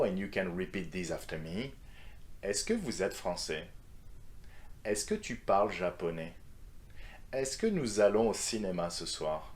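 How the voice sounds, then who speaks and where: Brief: male French teacher, deep voice, reading examples and then translating them. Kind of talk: scripted grammar lesson.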